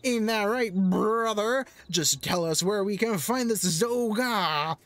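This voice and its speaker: A brash warrior woman, as a gamer reads her lines, scolding bluntly in rough, folksy talk. The delivery stays slow and measured. Soft music lingers faintly behind. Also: medium pitch, no echo, pitched above the performer's own voice. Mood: scornful. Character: brash tough adventurer woman. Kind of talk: let's play character voicing.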